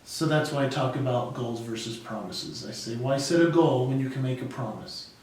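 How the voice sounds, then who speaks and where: A middle-aged man, a guest speaker and comedian, tells an animated personal story and acts out the people in it. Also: medium pitch, moderate pace, far from the mic. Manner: lively and expressive, acting out the people in his stories. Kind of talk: animated storytelling in a podcast interview. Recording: echoey room, voice away from the mic.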